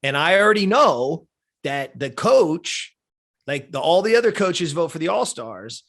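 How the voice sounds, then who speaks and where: A man's voice: on the high side, sing-song, unhurried, vocal fry, fairly bright tone. Heartfelt fifty-year-old man telling a story. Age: 50s. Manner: heartfelt, casual, checks in with "right?" and "you know?". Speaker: podcast guest. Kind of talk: personal storytelling in a podcast interview.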